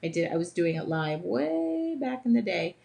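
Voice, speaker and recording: A woman with a slightly low voice runs a casual live drawing class from her home studio. She chats as she works, upbeat and self-deprecating, thinking out loud about each stroke. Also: big pitch swings, moderate pace, vocal fry. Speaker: art teacher hosting a live drawing session.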